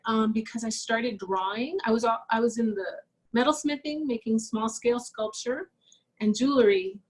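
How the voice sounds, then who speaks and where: A woman's voice: a little high, moderate pace, rough recording. Musing woman art instructor drawing. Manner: relaxed, musing, thinks aloud with fillers. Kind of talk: casual talk while drawing.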